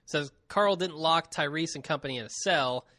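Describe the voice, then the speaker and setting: Bright-voiced man reading listener mail. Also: on the high side, normal speed, no room sound, clean studio sound. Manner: reads emails aloud, laughs often. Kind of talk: casual podcast chat.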